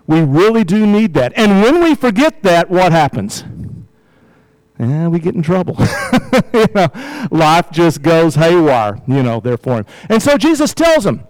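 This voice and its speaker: A man's voice: on the high side, big pitch swings, a little slow, darkish tone, no room sound, rough recording. An older man preaching a casual, conversational sermon to his church, peppering his points with "you know" and "right?" and light chuckles. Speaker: pastor.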